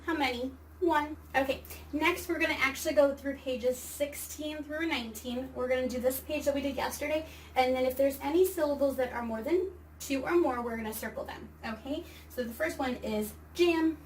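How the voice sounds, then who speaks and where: A woman with a high voice teaches a kindergarten class by video, sounding out words slowly and clearly for small children. She sits a little away from the mic. A faint hiss runs underneath. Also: distant mic, low-quality recording. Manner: slow, exaggerated word-by-word reading for children. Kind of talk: virtual read-aloud and phonics lesson. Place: home or classroom, recording a video lesson.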